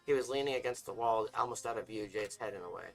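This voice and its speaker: A man's voice: fairly low pitch, fast, soft background music, low-quality recording. A man casually reading fiction aloud, stumbling and restarting now and then. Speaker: story reader.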